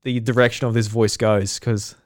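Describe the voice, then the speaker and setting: A man's voice: fairly low pitch, flat delivery, moderate pace. An Australian man co-hosting a casual podcast chat, laughing often, swearing and acting out quotes. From South Australia. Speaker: podcast co-host.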